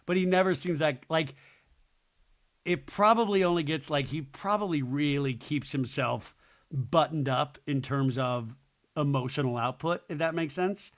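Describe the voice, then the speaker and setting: A man's voice: on the high side, normal speed. A man hosting a podcast, chatting casually through a reality TV recap with opinionated asides. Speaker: podcast host.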